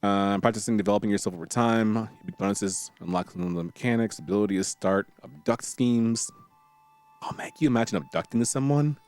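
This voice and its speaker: A man's voice: on the low side, brisk, no room sound, soft background music. A man casually playing a strategy game on stream, reading tutorial text aloud and joking with viewers in a playful way. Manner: playful, jokey, chats with viewers, bursts of excited exclamations.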